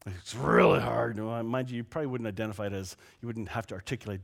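A pastor preaching a sermon, swinging between loud, exasperated outbursts and quiet, low asides. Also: male voice, quick pace, creaky, few pauses. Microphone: lapel mic.

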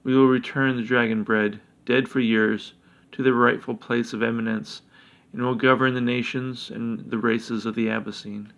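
A man voicing an ancient dragon who speaks in solemn, measured prophecy. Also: mid-range voice, flat delivery, a bit bright, close to an everyday voice. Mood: solemn, foreboding.

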